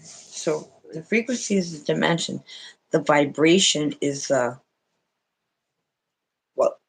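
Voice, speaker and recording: A man asks slow, hesitant questions with a gravelly, husky voice. He is deferential, saying "yes, sir". The stream audio sounds lo-fi. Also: a little high. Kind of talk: casual Q&A.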